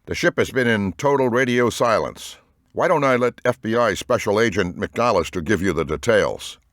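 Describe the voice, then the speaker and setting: A man doing a serious, monotone male boss. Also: lowish voice, dry recording, clean studio sound, voice pushed up. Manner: measured, monotone delivery. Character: serious male agency boss, calm and businesslike. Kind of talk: audiobook character voice.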